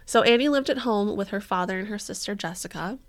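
Woman, podcast co-host, casual true-crime storytelling, chatty, cursing, mid pitch. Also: fast talker. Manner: chatty, swears casually, quotes people in funny voices.

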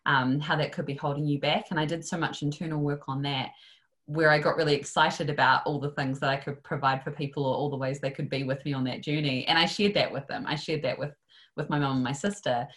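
A woman's voice: deep voice, fairly even intonation, quick pace, a bit bright. A woman, a coaching client, reflecting thoughtfully on her family as an interview guest.

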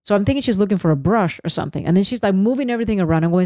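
Fast-talking animated woman co-host. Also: mid-range voice, no echo, studio quality. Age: 40s. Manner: animated storyteller, acts out quotes. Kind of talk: casual podcast chat.

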